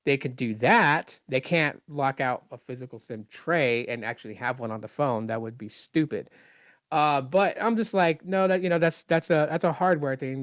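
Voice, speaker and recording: A man with a fairly high voice, recorded without echo, rants about a customer service call in casual storytime fashion. Exasperated, he retells the dialogue in his own voice and goes on at length about technical details, clearly a dissatisfied phone customer.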